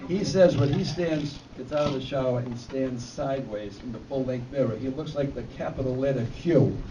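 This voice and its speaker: At a fundraiser in an event hall, an amateur comedian speaks at medium pitch and normal speed to a live crowd. He meanders through his jokes with fillers and restarts, chuckling at his own punchlines, captured in a dull, distant recording with audience noise.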